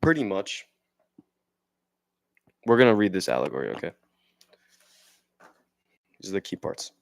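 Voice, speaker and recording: Young man, very low voice, rambling slangy monologue, reads and riffs, dry close sound. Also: sing-song, measured pace, gravelly, dry recording. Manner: rambling, slangy, checks in with "right?"; reads passages aloud then riffs on them. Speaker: vlogger. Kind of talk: casual explanatory monologue.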